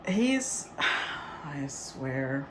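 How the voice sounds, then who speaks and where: A woman giving a casual, rambling tarot reading, chatty and quick to laugh. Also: rumbling low, sing-song, noisy background. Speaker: tarot reader.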